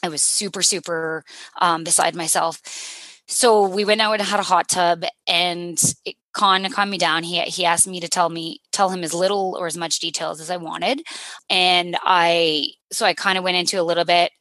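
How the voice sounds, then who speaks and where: Low-voiced woman telling a hard story. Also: steady tone, sharp tone, dry recording. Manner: earnest, halting, many restarts and fillers. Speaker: paramedic. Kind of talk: personal story in a podcast interview.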